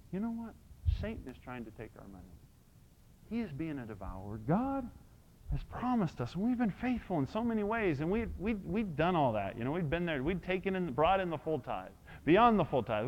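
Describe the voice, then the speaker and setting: A male preacher with a high, very lively voice delivers a sermon. He moves between hushed, intimate stretches and loud shouted praise. The recording sounds dull and lo-fi. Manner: animated, swings from soft to shouting.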